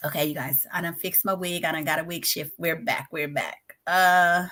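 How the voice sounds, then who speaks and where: A middle-aged woman hosting a home livestream, commenting dramatically with loud exclamations and laughter, then dropping to a hush. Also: low voice, steady tone, moderate pace. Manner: dramatic, exclaims and laughs loudly, swings from shouting to hushed. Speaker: livestream host covering a trial. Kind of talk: excitable live commentary. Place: home studio in a spare bedroom.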